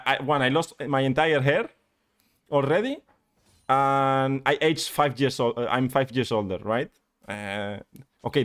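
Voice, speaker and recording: Exasperated male coach. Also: mid-range voice. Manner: exasperated, animated critique. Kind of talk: live-streamed gameplay review.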